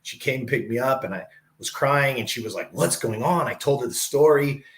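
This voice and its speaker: A man's voice: mid-range voice, brisk, a little hiss or hum. A middle-aged man hosts a podcast with a mid-range voice. He tells stories in a conversational way, slipping into the voices of the people he quotes. He keeps checking in with his listener by asking "right?". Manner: animated, acts out quoted dialogue, says "right?" often. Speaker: podcast host. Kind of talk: conversational storytelling.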